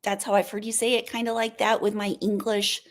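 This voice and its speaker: A woman's voice: medium pitch, little pitch movement, brisk. An American woman hosting a casual live stream, chatting in a rambling way and answering viewer comments. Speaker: livestream host.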